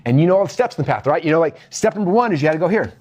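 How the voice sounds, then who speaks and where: A middle-aged man teaching as a business coach, animated, often checking in with the audience. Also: a little high, very fast, a little hiss or hum. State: out of breath. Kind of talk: energetic teaching talk.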